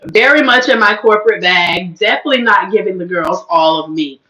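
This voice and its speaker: A woman hosting a casual livestream, chatting to her viewers in an animated, churchy manner while her voice is just recovering. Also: mid-range voice, fairly quick, echoey room, low-quality recording. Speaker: host.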